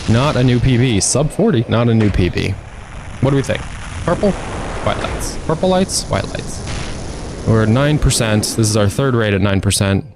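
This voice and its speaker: Wry low-voiced male game streamer. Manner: wry, talks to himself and chat, laughs often. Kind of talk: casual gameplay commentary.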